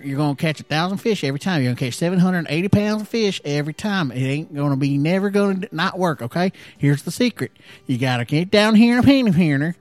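A man telling a comic story in a loud, animated, emphatic way, laughing at his own punchlines. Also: fairly high pitch, no echo. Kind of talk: stand-up storytelling.

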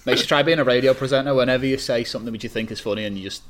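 Fast-talking co-host. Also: male voice, mid-range voice, slight background noise. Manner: self-mocking, joking. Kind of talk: casual podcast chat.

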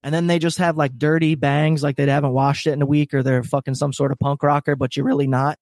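Male podcast co-host, casual and profane, fairly high voice, dry close sound. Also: quick pace, dry recording. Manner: animated, profane, laughs a lot. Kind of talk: casual comedy podcast chat.

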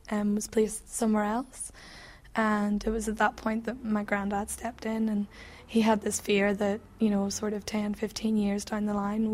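A woman's voice: medium pitch, darkish tone. A woman in her twenties sharing a personal testimony in an interview, reflective and hesitant, often restarting her sentences.

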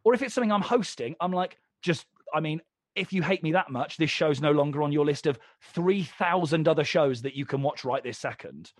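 An animated young man, a comedian guest on a podcast, tells a story with a lively, bouncing delivery and a slightly raised pitch. He swears freely and acts out both sides of the exchange. The sound is dry and close to the mic. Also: a little fast, dry recording. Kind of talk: casual storytelling chat.

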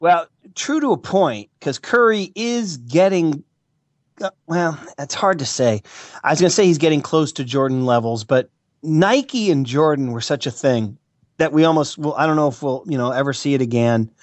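An American man, a regular pundit, talking sports in a casual, animated way with playful mock emotion. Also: a little high, normal speed, no echo. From United States. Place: California, Bay Area.

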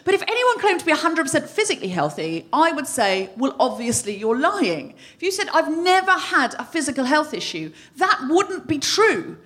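Animated high-voiced woman telling a comic story. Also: a little fast, few pauses. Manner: animated, self-mocking, acts out her own shouting. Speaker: comedy podcast host. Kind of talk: live stand-up storytelling. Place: live venue before an audience.

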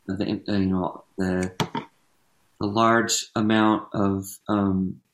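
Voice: deep voice, flat delivery, slow pace. An actor chatting casually as a podcast guest, rambling with lots of restarts and fillers. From United States. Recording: roomy echo.

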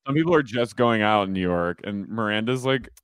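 A man's voice: lowish voice, brisk, smooth, dry recording. A young adult man, chatting casually and acting out characters' lines. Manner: animated, acts out characters' lines in quotes. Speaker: podcast co-host. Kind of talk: casual chat recapping a TV episode.

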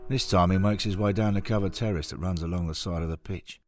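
A man narrating a scripted audio story in a measured storytelling manner. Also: sits low, steady tone, darkish tone, faint music behind.

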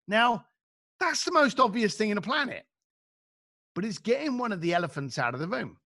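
Man, middle-aged, podcast guest, blunt and emphatic, very lively pitch. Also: brisk, no room sound, studio quality. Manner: blunt, emphatic, acts out quoted exchanges. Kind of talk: animated conversational storytelling.

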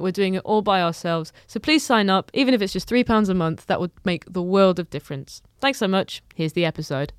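A woman's voice: medium pitch, smooth, dry recording, clean studio sound. A woman co-hosting a podcast in casual chat, giggly and playful, acting out quotes. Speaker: podcast co-host.

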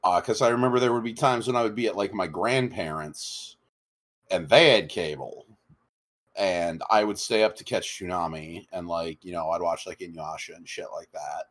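A man with a low, slightly bright voice co-hosts a podcast at normal speed. His talk is loose and rambling, and he often repeats words when restarting a thought.

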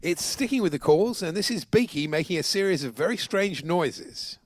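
A man's voice: high voice, lively intonation, moderate pace, dry recording. A man co-presenting radio, introducing clips and chuckling often. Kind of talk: casual chat introducing clips.

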